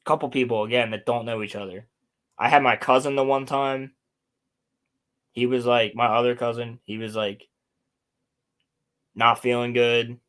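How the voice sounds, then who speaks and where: A young man hosting a casual podcast chat, telling animated stories and swearing often. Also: mid-range voice, normal speed, pauses often. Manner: animated storytelling, heavy swearing. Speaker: podcast host.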